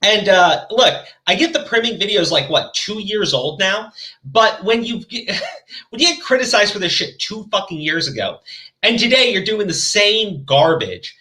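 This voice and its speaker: A man hosting a commentary podcast, chatting casually and profanely, animated and mocking as he quotes others. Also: high-pitched, moderate pace.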